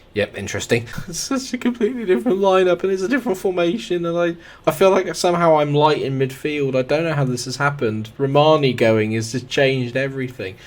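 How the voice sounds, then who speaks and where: A young man commentating his own football management game, excitable play-by-play mixed with chatty asides to the players. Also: medium pitch. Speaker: gaming YouTuber. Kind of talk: live football sim commentary.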